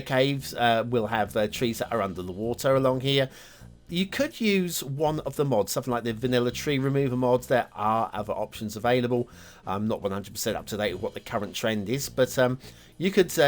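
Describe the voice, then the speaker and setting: A man hosting a game map review show, talking casually over gameplay with lots of fillers and wry asides. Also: medium pitch. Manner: chatty, rambling, many fillers and self-deprecating asides.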